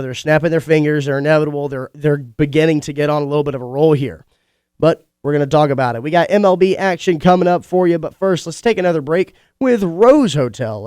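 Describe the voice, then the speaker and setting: A young man hosts a college radio sports show. His congested voice still comes through smooth and clear, sitting a little high for a man. The studio sound is dry and close, and he talks in a chatty, opinionated way with quick asides. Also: darkish tone, no echo. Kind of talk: casual sports talk monologue.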